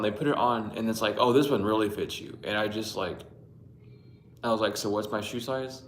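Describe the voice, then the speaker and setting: A man's voice: on the low side, fairly quick, roomy sound, slight background noise. A man casually telling his dreams on a livestream, rambling and swearing, laughing often and greeting viewers by name. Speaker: livestream host reading dreams. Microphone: Bluetooth mic.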